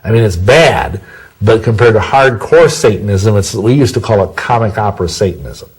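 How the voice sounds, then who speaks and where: A man's voice: fairly low pitch, lively intonation, moderate pace, slightly rough, poor audio. A man answering interview questions in a rambling, self-correcting way, full of folksy sayings. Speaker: interview guest.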